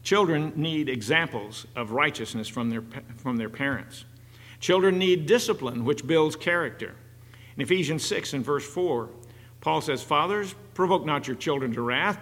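A man preaching a sermon in an earnest, halting way, with frequent fillers. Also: on the high side, lively intonation, a bit bright. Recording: long hall reverb.

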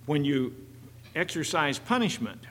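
A man preaching a sermon in an earnest, halting way, with frequent fillers. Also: on the high side, sing-song, fairly bright tone. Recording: long hall reverb.

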